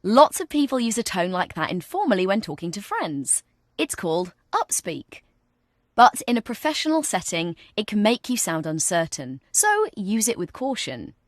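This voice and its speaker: A woman narrates a workplace communication exercise as a guide. Her delivery is scripted but encouraging, and her intonation swings widely as she coaches. Her voice sits at an average pitch and sounds dry and close. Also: very animated, moderate pace, dry recording. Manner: encouraging, coaching the listener step by step. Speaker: virtual training guide.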